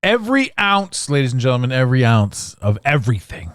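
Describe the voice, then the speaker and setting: A man's voice: medium pitch, brisk, no room sound, clean studio sound. Tired, ranting man in his forties. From Canada. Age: 40s. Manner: animated, ranting, sarcastic. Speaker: podcast host. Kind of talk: rambling solo podcast monologue.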